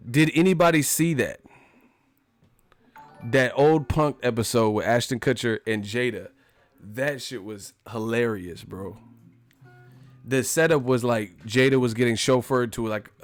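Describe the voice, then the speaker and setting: A man's voice: medium pitch, dry recording. A man hosting a livestream, chatting casually in a laid-back, slangy, rambling way. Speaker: livestream host. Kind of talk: casual chat.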